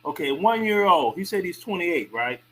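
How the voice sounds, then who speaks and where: A man on a podcast, animated and incredulous as he talks things through. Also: high-pitched, normal speed, crowd noise, low-quality recording. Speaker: podcast co-host. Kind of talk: casual discussion.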